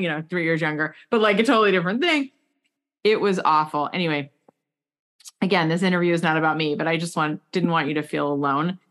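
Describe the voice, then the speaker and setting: A woman interviewing a guest, telling a long personal story in a chatty, animated way with many asides. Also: lowish voice, a little fast. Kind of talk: casual interview chat.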